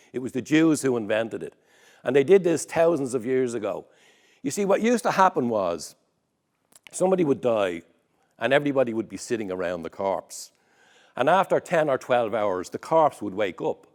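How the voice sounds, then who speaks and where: A man's voice: medium pitch, darkish tone. A man with a Dublin accent telling comic stories on stage in a wry, conversational way. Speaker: storyteller. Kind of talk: comic storytelling performance.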